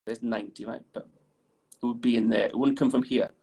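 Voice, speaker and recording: A man's voice: medium pitch, fairly even intonation, fairly quick, gravelly, darkish tone, slightly rough. A male teacher giving an engineering lesson in a classroom. He talks while drawing on the board and keeps checking in with "right?" tag questions.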